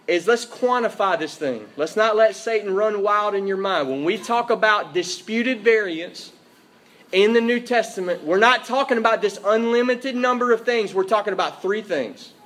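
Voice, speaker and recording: A man's voice: high voice, fairly bright tone. A man preaching a sermon to a church congregation, emphatic and repetitive, often checking in with his listeners. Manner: emphatic, repeats key phrases, checks in with "Okay?". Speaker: pastor. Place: church service.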